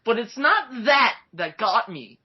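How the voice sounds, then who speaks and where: A young man chatting casually while reviewing a movie, excitable and often acting out scenes. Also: extremely high pitch, slow pace, slightly rough. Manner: excitable, acts out movie lines. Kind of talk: casual chat. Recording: dull lo-fi recording.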